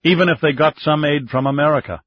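A man's voice: fairly high pitch, quick pace, voice pushed up, close to an everyday voice. A man voicing an agitated government minister who speaks harshly and accuses, on slightly dull, muffled audio. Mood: agitated accusing.

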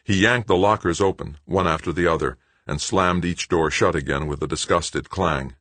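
A man with a very deep, husky voice reads an audiobook in a steady, measured way. The recording is close and completely dry, with no room sound. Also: no room sound. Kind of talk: audiobook narration.

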